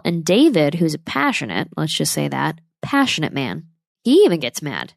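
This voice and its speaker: A woman's voice: low-pitched, wildly swooping pitch, moderate pace, gravelly, no room sound, clean studio sound. A young woman from the United States, talking straight to her viewers in an impassioned, opinionated vlog. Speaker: travel vlogger. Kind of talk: casual opinionated vlog monologue.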